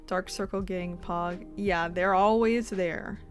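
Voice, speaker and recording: A woman's voice: medium pitch, fairly even intonation, slow pace, faint music behind. A sleepy woman streamer chatting casually with her viewers, rambling and giggling between fillers.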